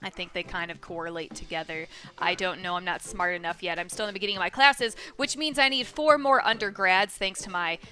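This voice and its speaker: A woman's voice: lowish voice, brisk, few pauses, bright, forceful tone, soft background music. A young woman chatting casually in a vlog, rambling and swearing freely and joking at her own expense. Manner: rambling, profane, self-deprecating. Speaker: vlogger.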